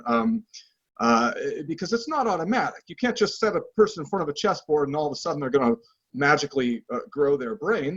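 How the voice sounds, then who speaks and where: Husky guy interviewer, voice jumps around a lot, lots of uhs, dull lo-fi audio. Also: fairly high pitch, a bit bright. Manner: halting, lots of fillers. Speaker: interviewer, scholastic chess coach. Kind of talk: casual interview questions. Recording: dull lo-fi sound.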